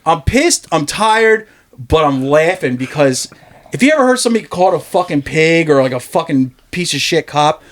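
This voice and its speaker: A man's voice: fairly high pitch, very animated, normal speed, a bit bright. A man telling a long story in casual podcast chat, loose and profane, laughing often as he goes.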